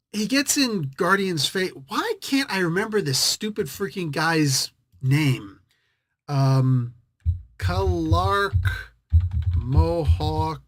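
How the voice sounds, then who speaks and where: A man's voice: a little high, fairly bright tone, no echo. A man hosting a casual comic book review, rambling and correcting himself as he thinks aloud.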